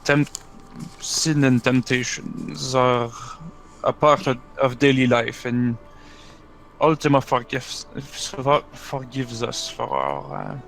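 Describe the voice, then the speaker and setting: A man voicing a cleric who consoles a sinner in slow, halting, earnest words. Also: mid-range voice, vocal fry, a bit bright, poor audio. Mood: consoling.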